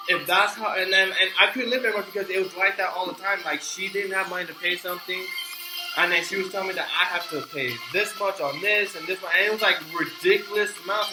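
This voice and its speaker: A young man casually telling a frustrated, profane story as a vlogger, often repeating himself and restarting sentences. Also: high voice. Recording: echoey room with music behind.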